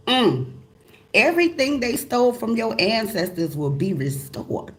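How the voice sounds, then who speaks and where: A woman giving a casual, motivational tarot reading as host of her channel, talking emphatically with slang, repeated phrases and excited exclamations. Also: on the low side, a little slow, a little hiss or hum. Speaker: tarot reader.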